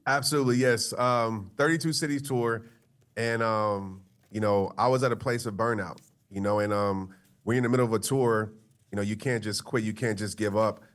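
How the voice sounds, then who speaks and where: A man's voice: lowish voice, fairly even intonation, moderate pace, fairly bright tone. Earnest male speaker telling a story. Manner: earnest, conversational, frequent "you know" fillers. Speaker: motivational speaker and author. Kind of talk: personal storytelling in an interview.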